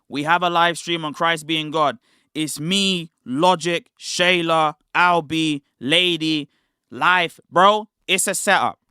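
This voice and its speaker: A young British man chats on his stream in loose slang, looping back and restarting his sentences as he talks. His voice is bright and forceful, pitched a bit high for a man. The sound is crisp and very dry. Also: no room sound. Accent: British English. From Britain. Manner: rambling, slangy, quick restarts. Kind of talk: casual livestream storytelling.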